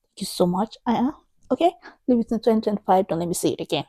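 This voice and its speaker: Woman, thirties, book vlogger, emphatic, exasperated, mellow tone, dry close recording. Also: mid-range voice, lively intonation, fast, husky, dry recording. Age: 30s. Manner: emphatic, exasperated, repeats herself for effect. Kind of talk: chatty opinion vlog.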